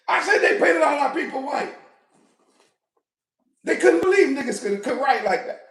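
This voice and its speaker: A woman preaching a fiery sermon, animated, often shouting and breaking into laughter. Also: high voice, normal speed. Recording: echoey room.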